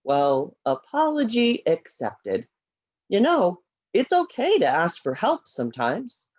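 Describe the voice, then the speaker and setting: A woman's voice: mid-range voice, wildly swooping pitch, slow pace, a little mellow, dull audio, exaggerated voice. A woman voicing a cheerful, patient teacher puppet who coaxes and encourages a friend, in a puppet show over a video call. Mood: helpful. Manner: encouraging, upbeat, coaxing.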